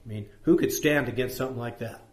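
A man's voice: medium pitch, quick pace. A man leading a group Bible study, reading scripture aloud and asking the group questions in a conversational way. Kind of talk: interactive Bible study teaching. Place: room with group. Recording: echoey room.

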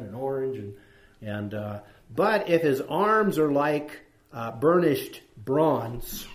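A man teaches a small Bible study group, reading verses aloud and turning to the group with questions. His manner is conversational and plain, with scattered fillers. The sound is echoey, as if recorded in a hard-walled room. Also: medium pitch.

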